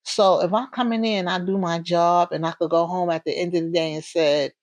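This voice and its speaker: A woman in her forties with a Northern US accent, a correctional officer talking casually in an interview, bubbly and animated, acting out the voices in her stories. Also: lowish voice, fairly quick, dry recording. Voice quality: bubbly, warm-hearted. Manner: animated, storytelling, acts out quoted voices.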